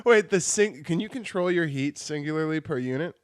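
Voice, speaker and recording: Animated young man from Arizona. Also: on the high side, fairly quick, no echo, studio quality. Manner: animated, crude, laughs often. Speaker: podcast co-host. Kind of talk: casual chat.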